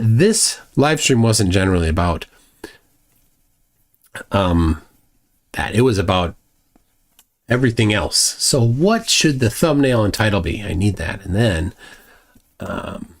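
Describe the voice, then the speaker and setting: Minnesotan man, low-ish voice, casual rambling streamer who reads chat aloud, plenty of restarts. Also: very animated, slow pace, long pauses. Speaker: live streamer.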